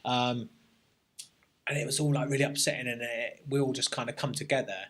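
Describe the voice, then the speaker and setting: With a mid-range voice and a fairly quick pace, a man who served in the army tells a story as a guest. The interview is relaxed, and he is reflective, slang-heavy, and given to restarting sentences.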